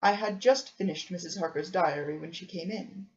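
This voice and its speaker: A woman narrating an audiobook of a classic novel in a calm, measured reading. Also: fairly low pitch. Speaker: audiobook reader. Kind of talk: scripted narration. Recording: dull lo-fi recording.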